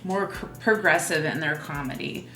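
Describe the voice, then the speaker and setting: A woman's voice: low-pitched, normal speed. Woman comedian guest, playful storyteller, roomy echo, faint music behind. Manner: chatty, animated, playful asides. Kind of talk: casual chat, storytelling.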